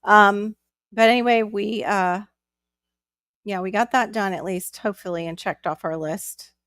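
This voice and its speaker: A woman's voice: mid-range voice, unhurried, fairly bright tone, dry recording. A woman hosting a casual live stream from home, chatting in a rambling way and greeting viewers by name. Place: at home with her young son nearby.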